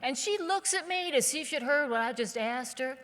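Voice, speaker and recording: A woman's voice: sits high, animated, normal speed, a bit bright. A woman from southern West Virginia, giving a keynote speech as a humorous, conversational storyteller on a theater stage. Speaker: keynote speaker. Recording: long hall reverb.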